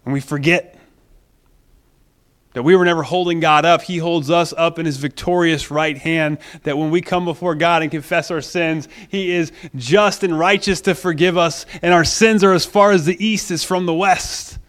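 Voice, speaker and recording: High-voiced man preaching a sermon. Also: fairly even intonation, normal speed, a bit bright. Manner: emphatic, acts out quoted voices, repeats for stress. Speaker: pastor.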